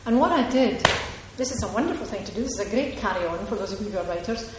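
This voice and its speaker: Here a Scottish woman from Ayrshire, an author at a reading, chats her way through audience questions, digressing and frequently laughing. Her voice is medium in pitch, quick and lively in intonation, captured in an echoey hall with faint noise.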